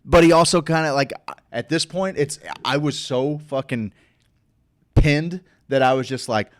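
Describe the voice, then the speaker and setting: A man's voice: mid-range voice, moderate pace, no echo. A man with a Midwestern American accent telling a long, profane, rambling story as host of a casual live show.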